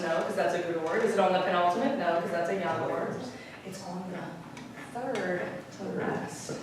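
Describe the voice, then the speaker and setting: A woman's voice: mid-range voice, a bit bright. Woman teaching in an echoey classroom. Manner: asks the class questions, repeats key points. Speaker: Spanish teacher. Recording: roomy, distant classroom recording with noise.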